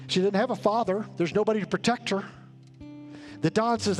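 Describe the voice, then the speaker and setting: High-voiced pastor preaching with faint guitar. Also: male voice, brisk, pauses often. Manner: earnest, building to emphatic peaks. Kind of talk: sermon with storytelling. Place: church sanctuary.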